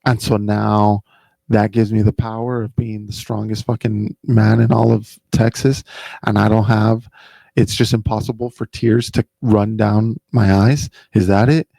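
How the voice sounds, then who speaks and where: A man's voice: lowish voice, vocal fry, warm tone, no room sound. A young man hosting a podcast, rambling casually and profanely, saying "bro" and "dude" constantly. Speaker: podcast host.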